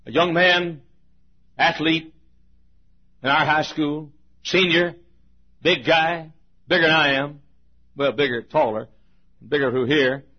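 Fervent preacher, husky and high. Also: male voice, slow, long pauses. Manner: emotional storytelling with repetitions, shifting volume. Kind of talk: sermon. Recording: dull lo-fi sermon recording.

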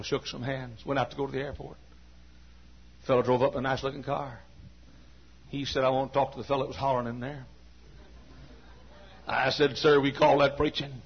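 A man preaching a sermon to a large church. He tells stories quietly and then breaks into high shouting. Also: slightly rough. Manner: swings from hushed storytelling to high shouting. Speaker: pastor. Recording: dull lo-fi sermon recording.

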